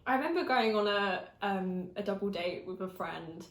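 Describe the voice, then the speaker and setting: Expressive and mid-range, this Essex woman of twenty speaks at a normal speed while eating and laughing through a casual chat she hosts on YouTube. The room gives the recording a noticeable echo.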